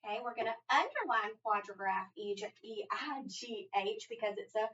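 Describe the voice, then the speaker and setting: A woman teaching a phonics lesson, explaining each step in a deliberate, methodical way. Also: fairly high pitch, expressive, fairly bright tone. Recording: distant lo-fi mic with faint room ambience.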